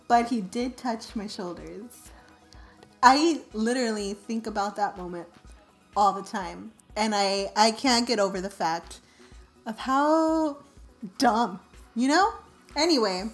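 A young woman telling a story on her vlog in a casual, animated, self-mocking way, full of "like". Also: mid-range voice, slow pace, soft background music. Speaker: vlogger.

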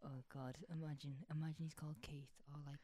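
A man's voice: fairly high pitch, flat delivery, fast, mellow, no echo. A man co-hosting a podcast in casual chat, joking and teasing his co-host.

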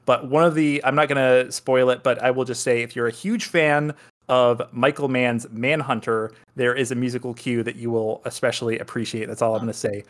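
A man's voice: mid-range voice, fairly even intonation, fairly quick. A man co-hosting a podcast in casual chat, rambling with apologetic asides. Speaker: podcast co-host.

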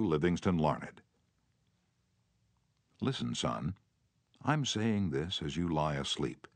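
A man reading a self-help audiobook aloud in a measured, earnest way, turning tender and remorseful in the quoted letter. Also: rumbling low, big pitch swings, no room sound. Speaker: audiobook narrator. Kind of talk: scripted audiobook narration.

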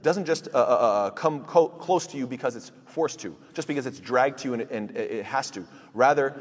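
A man teaching a commentary class on the Quran. He quotes Arabic verses in quick recitation and keeps asking rhetorical questions, then answers them himself. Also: medium pitch, husky. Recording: long reverb, echoey room.

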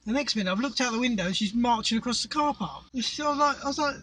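A man's voice: very high-pitched, expressive, very fast, bright, forceful tone, distant mic, a little hiss or hum, rough recording. A middle-aged Englishman telling crude, sweary stories and laughing in casual chat, recorded in a parked car. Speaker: podcast co-host.

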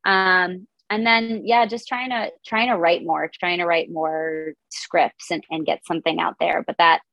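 Chatty woman with a gravelly low voice. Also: steady tone, measured pace, fairly bright tone, dry recording, dull audio. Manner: chatty, lots of "like" fillers. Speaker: comedian guest. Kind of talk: casual interview chat.

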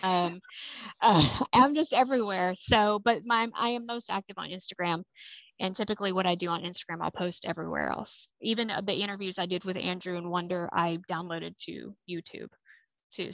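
A woman author chatting as a podcast guest, talking freely with lots of fillers and quick laughs. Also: fairly low pitch, steady tone, creaky, a bit bright, no room sound. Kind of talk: casual podcast interview. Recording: dry, slightly muffled remote mic.

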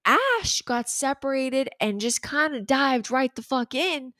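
Chatty high-voiced woman podcaster. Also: takes it slowly, no room sound. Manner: animated, swearing, bursts of laughter. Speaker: podcast co-host. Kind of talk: casual recap chat.

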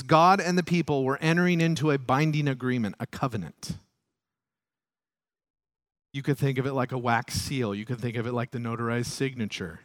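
This dry, studio-quality recording captures a male pastor's sermon. He swings from loud, high passages when stirred to low, soft ones, acting out prayers and the voices he quotes.

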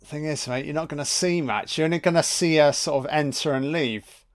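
A man with a fairly high-pitched voice speaks briskly, offering casual, sweary commentary on a film. He talks back to the characters on screen with mocking asides.

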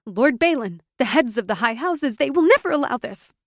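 A woman voicing a cold noblewoman whose voice climbs to a shrill, fearful pitch. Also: fairly even intonation, moderate pace, creaky, dry recording, clean studio sound. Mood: shrill, frantic. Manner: cold, rising to shrill rage.

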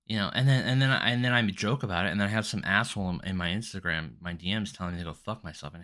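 This fast-talking man has a lowish voice and runs a podcast by himself. Animated and fed up, he rambles through a profane story.

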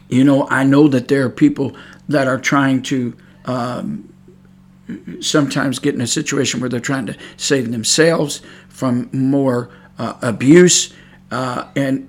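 A middle-aged man hosting a preaching podcast, moving from folksy chat to loud, fervent preaching. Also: mid-range voice. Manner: folksy, swings from quiet chatting to loud preaching.

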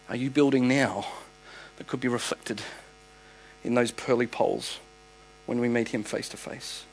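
A man's voice: mid-range voice, a little slow, gravelly, long pauses, slight background noise, low-quality recording. An Australian man preaching a sermon as pastor, emphatic, with repeated phrases and restarts.

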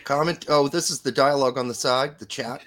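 A man hosting a casual live podcast chat, relaxed and quick to hand the floor to his co-hosts. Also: medium pitch. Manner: relaxed, hands off the turn to co-hosts. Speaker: podcast host.

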